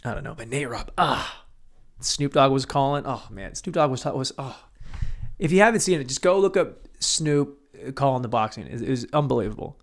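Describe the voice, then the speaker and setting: A young man talks alone into his podcast mic at home, drifting from topic to topic with crude, swear-laden jokes. He mocks himself as he goes, and his voice sits at an ordinary middle pitch. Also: lively intonation, fast, hardly any pauses. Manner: crude, rambling, self-mocking, swears freely. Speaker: podcast host. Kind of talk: solo podcast rant. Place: home studio room.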